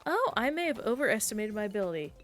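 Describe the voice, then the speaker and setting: A woman streamer in casual, chatty conversation while playing a game, reacting aloud in an animated way. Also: medium pitch, fast, soft background music. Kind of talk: casual gameplay chat.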